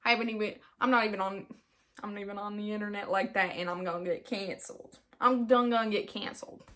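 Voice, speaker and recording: A woman's voice: medium pitch, steady tone, fast talker, a bit bright. Young woman, 19, solo podcast host; loose, giggly, self-deprecating chatter. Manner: rambling, giggly and self-mocking; puts on an accent in places. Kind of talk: casual solo podcast chat.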